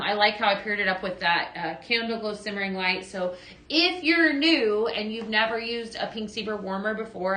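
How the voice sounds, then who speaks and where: A woman's voice: mid-range voice, sharp tone. A woman hosting a live shopping stream, chatty and upbeat, greeting viewers by name as she demonstrates products. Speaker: host of a live shopping show. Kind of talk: live product demo selling chat. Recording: echoey room.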